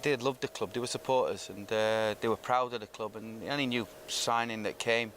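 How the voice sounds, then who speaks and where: Middle-aged ex-footballer telling stories. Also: male voice, fairly low pitch, a little fast, slight background noise. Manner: lively storyteller who acts out quoted speech. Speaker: former professional footballer, guest. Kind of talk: relaxed anecdotal interview.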